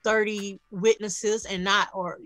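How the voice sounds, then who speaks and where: A woman's voice: mid-range voice, little pitch movement, slow, fairly bright tone. A woman co-hosting a casual true-crime podcast, chiming in with short agreements and asides. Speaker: podcast co-host.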